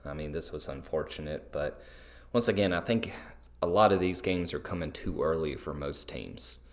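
Low-voiced man in easy football chat. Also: moderate pace. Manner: easygoing, conversational, jokey asides. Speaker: co-host of a football podcast. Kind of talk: casual sports chat.

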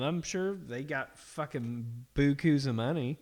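Male podcast co-host, middle pitch, swearing and exasperated in loose banter. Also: very animated, slow, hardly any pauses. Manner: profane, ranting, exasperated venting. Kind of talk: casual chat.

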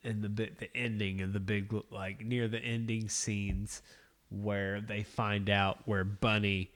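Slow, laid-back man co-hosting. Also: fairly low pitch, level tone, fairly bright tone. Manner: laid-back, chimes in with short replies and swears. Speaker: podcast co-host. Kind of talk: casual podcast banter.

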